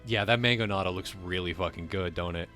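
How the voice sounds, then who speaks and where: A man's voice: deep voice, fairly quick, sharp tone, soft background music. A man hosting a livestream, reading a text aloud and breaking off to riff on it casually, swearing now and then. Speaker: livestream host.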